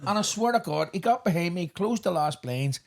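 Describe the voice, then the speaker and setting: A man with a Northern Irish accent telling swearing, animated stories in a casual podcast chat. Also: high-pitched, fairly quick, vocal fry. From Northern Ireland. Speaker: podcast host.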